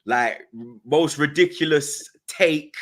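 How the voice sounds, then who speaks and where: A man's voice: fairly high pitch, slow pace, a bit bright. A man co-hosting a football podcast, laid-back and full of slang in casual banter. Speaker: podcast co-host.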